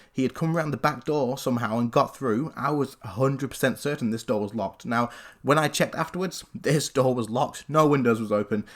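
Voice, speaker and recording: Young male YouTuber, casual story time; animated, chatty, middle-range voice. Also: mid-range voice. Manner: animated, chatty, leans on "literally". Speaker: gaming YouTuber.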